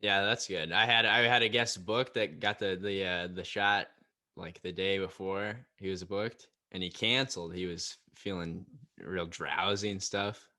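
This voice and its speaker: A man's voice: deep voice, steady tone, a little slow, bright, forceful tone. A man hosting a comedy podcast, chatting casually and making dry jokes. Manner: dry, joking. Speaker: podcast host.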